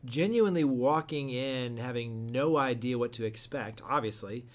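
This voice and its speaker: A man hosts a relaxed interview at a middle pitch. He affirms his guest and sums up what she says in his own words. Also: moderate pace. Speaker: interview host. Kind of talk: casual interview.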